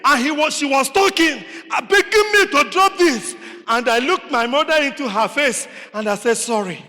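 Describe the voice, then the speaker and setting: A man with a Nigerian accent preaching a sermon in a chapel, animated, swinging from shouts to low asides and asking rhetorical questions. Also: normal speed. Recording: long hall reverb in a chapel.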